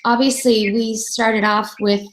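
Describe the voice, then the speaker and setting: A woman's voice: on the high side, flat delivery, unhurried, rough recording. A woman hosting an interview show, chatting freely and acting out the voices of people in her stories. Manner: chatty storyteller, acts out quoted voices. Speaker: radio show host. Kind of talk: casual interview chat.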